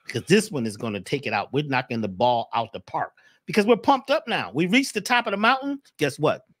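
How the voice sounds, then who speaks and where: Lively, bright-voiced passionate man. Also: fairly high pitch, brisk, no echo, clean studio sound. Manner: passionate, preacherly, animated. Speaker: guest speaker. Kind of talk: casual chat.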